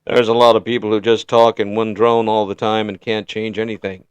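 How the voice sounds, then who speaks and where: A man from Illinois with a Midwestern American accent, hosting a casual interview and talking in halting, restarting phrases with frequent chuckles. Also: on the low side, little pitch movement, clear, resonant tone, no echo, lo-fi sound. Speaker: interview host.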